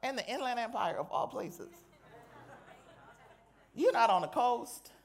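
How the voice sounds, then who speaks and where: A woman's voice: on the high side, sing-song, measured pace, some chatter behind. A woman chaplain preaching a sermon to a live audience, conversational and playful with slangy asides. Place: lecture hall with an audience.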